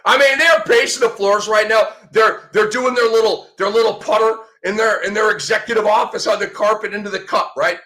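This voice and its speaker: A man in his fifties hosting a sports show, talking in a sarcastic, excitable way and breaking into mock shouts. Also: high-pitched, a little fast, hardly any pauses. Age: 50s. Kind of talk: animated sports commentary.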